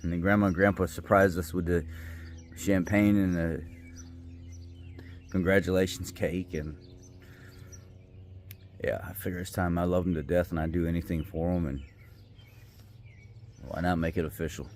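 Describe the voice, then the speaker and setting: A man's voice: low-pitched, fairly even intonation, normal speed, long pauses, a little hiss or hum. A middle-aged man, telling a personal story in a rambling, folksy, heartfelt way. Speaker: vlogger. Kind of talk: casual storytelling vlog. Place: outdoors by a river.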